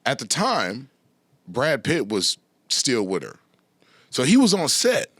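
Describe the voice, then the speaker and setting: A middle-aged man talking as a podcast guest, telling animated stories, laughing often and swearing freely. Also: medium pitch, slow, breathy edge, no room sound, clean studio sound. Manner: laughs often, swears freely, repeats "you know what I'm saying". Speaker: guest musician and actor. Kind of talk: animated storytelling in casual chat.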